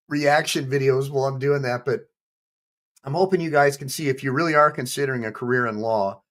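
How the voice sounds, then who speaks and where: An attorney speaks directly to his audience in a relaxed, conversational way. He talks at a moderate pitch, with frequent ums and you-knows. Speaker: attorney, channel host. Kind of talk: reaction video commentary.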